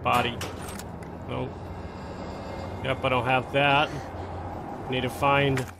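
A young man gives relaxed let's-play commentary in a plain, mid-pitched voice. He talks loosely and swears often. Clear noise sits under his voice throughout. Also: slow. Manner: casual, swears a lot, grows angry and exasperated. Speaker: gameplay commentator.

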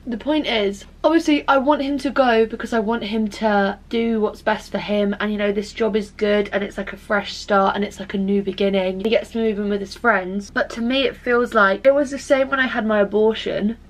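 A young woman pours out her feelings in a loose, meandering vlog. She circles around her thoughts, leans on constant fillers and swears casually as she does her makeup. Her pitch sits in an ordinary middle range. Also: fairly even intonation, normal speed, few pauses. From England. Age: 20s. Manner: rambling and emotional, full of "like" fillers, swears freely. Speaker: vlogger. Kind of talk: confessional casual chat while doing makeup.

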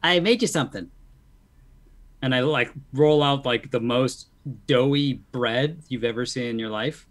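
A man's voice: mid-range voice, measured pace, lightly acted. A man voicing a timid, nervous monster youth who rambles earnestly as he tries to make friends in a tabletop game.

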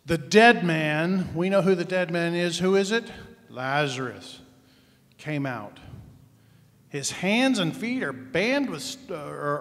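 A man preaching a sermon as pastor, telling the story conversationally, moving from sudden shouts to hushed asides. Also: a little high. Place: church sanctuary. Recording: long church hall reverb.

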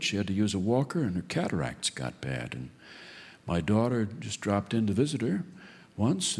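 A man's voice: fairly low pitch, darkish tone, breathy edge, heavily acted. A man voicing a folksy, plain-spoken middle-aged man confiding at a bar. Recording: long reverb of a live hall.

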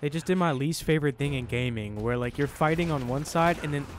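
A man doing let's-play commentary as a gaming YouTuber, excitable, swearing and yelling at the game. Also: a little high, a little fast, slight background noise.

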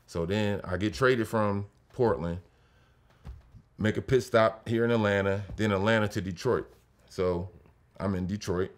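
A man in his forties, a former pro basketball player hosting a podcast, telling stories in a profane, animated way and loudly acting out what people said. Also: on the low side, unhurried. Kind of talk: casual storytelling chat.

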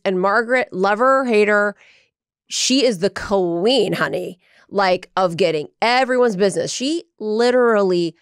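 Woman comedian, podcast guest, emphatic gossip, quick asides, dry sound. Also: mid-range voice, no echo. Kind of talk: casual gossip chat.

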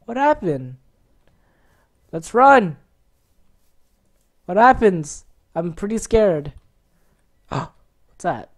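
A woman hosting a gaming channel, giving excitable let's-play commentary and reacting loudly to what happens on screen. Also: mid-range voice, drawn-out words, long pauses.

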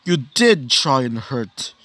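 A man voicing a stern male god who rules calmly and firmly on a fight. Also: medium pitch, slow pace, no echo, exaggerated voice.

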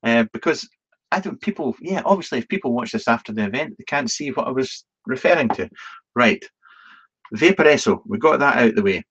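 A man rambles through a casual live Q&A stream, stumbling over restarts and filling pauses with ums. He is chatty and self-deprecating and swears now and then, at a middling pitch. The stream audio sounds dull and lo-fi. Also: lively intonation, fairly bright tone, slightly rough. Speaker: vlogger hosting a live Q&A.

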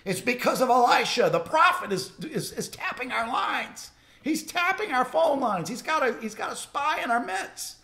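Man putting on a fired-up paranoid king, voice way up high, ranting. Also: expressive, normal speed, gravelly, pushed and bright, full character voice. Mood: agitated. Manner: raised, agitated. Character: angry ancient king, suspicious and fired up.

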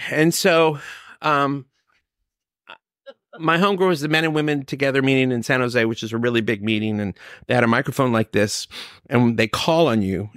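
A man's voice: on the low side, fairly bright tone, no echo, clean studio sound. A man telling his personal recovery story, acting out the exchanges he quotes. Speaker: recovery speaker.

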